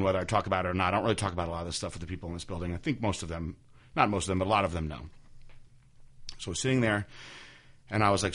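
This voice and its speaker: A young man hosting a podcast, telling a personal story candidly, with many fillers and halting restarts. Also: low voice, a bit bright. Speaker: podcast host.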